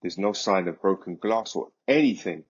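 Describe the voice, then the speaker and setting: A man, a podcast guest, recounting a story in a vivid, animated way. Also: deep voice, moderate pace, husky, highs cut off. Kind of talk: casual storytelling.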